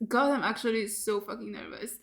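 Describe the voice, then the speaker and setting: A woman hosting a reaction video, talking in a casual, excitable way and swearing freely as she comments. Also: medium pitch, fairly quick, creaky.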